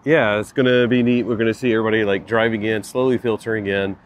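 A man's voice: on the low side, steady tone, quick pace, a little hiss or hum. A man chatting casually in a vlog outdoors at a car event, easygoing and full of fillers. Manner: easygoing, uses lots of fillers like "like" and "uh". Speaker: vlogger.

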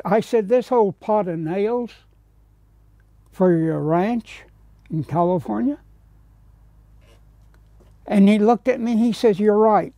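An American painter tells anecdotes in a high, mellow voice, speaking slowly with frequent pauses and no echo. He acts out other people's lines and sometimes drops to a whisper.

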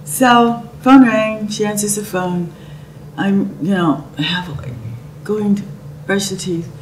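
A middle-aged woman recounts a personal story in an animated way, dropping at times into near-whispers. Her voice sits at a mid pitch and is heard from some distance off the mic. A clear, noisy background hum runs underneath. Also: takes it slowly. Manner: animated, dips into soft whispers. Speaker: speaker telling a personal story.

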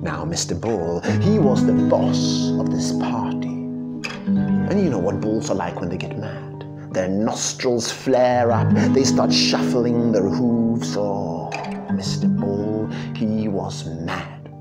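Slow, animated male storyteller. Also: lowish voice. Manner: dramatic, whispering and swelling, talks to listeners. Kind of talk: folktale storytelling to music. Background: guitar music.

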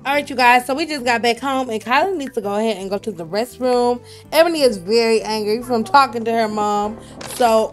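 A woman's voice: a little high, fairly quick, faint music behind. A young woman giving casual, chatty commentary on her life-sim playthrough, laughing often and scolding her characters. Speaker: let's play host.

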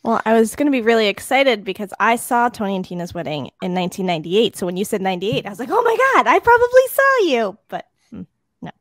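A woman's voice: medium pitch, fast talker, no room sound. A woman co-hosting a casual podcast, chatty and keeping the talk on track. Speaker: podcast co-host.

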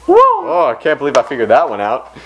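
A man's voice: mid-range voice, very fast, soft background music. A young man playing a party game with friends, reading out rules and laughing easily. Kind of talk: casual group gameplay chat.

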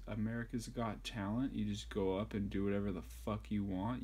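A man's voice: on the low side, fairly even intonation, normal speed, hardly any pauses, darkish tone, breathy edge. A man giving a crude, insulting, rambling comedic tutorial on sewing a button. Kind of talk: profane comedic tutorial rant.

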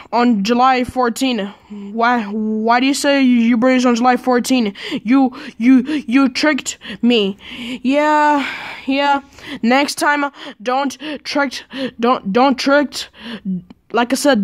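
A woman in a repetitive, halting pretend-play dialogue at home, speaking both sides of the chat and recorded on a phone camera. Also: sits high.

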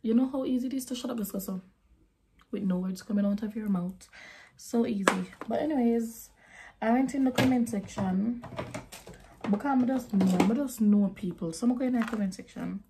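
A woman's voice: fairly high pitch, normal speed, background noise. Chatty young woman with a lilt. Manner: chatty, blunt, slips into patois. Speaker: beauty vlogger. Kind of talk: casual chat while doing makeup.

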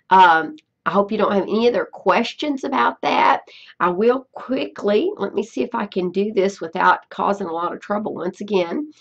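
Gravelly-voiced teacher walking through a screencast. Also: female voice, mid-range voice, lo-fi sound. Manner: patient, repeats herself, checks in with "okay?". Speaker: Spanish teacher. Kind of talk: screencast tutorial.

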